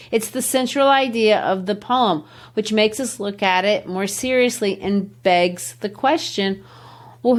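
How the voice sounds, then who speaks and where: A middle-aged woman teacher hosting a literature podcast. She explains a poem in a teacherly, emphatic way, and her voice sits at an ordinary middle pitch. She stretches out key words and rushes through asides. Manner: teacherly, emphatic, shifts pace to stress words.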